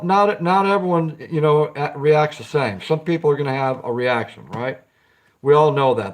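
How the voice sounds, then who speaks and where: A man hosting a casual live stream, chatting with viewers, greeting them by name and giggling often. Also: fairly high pitch.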